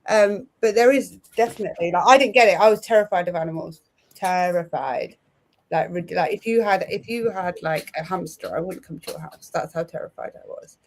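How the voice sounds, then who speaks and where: A woman's voice: on the low side, a little fast, hardly any pauses, a little mellow, a little hiss or hum, poor audio. A woman chatting frankly and with self-deprecating humor on a live panel. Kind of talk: live online panel chat.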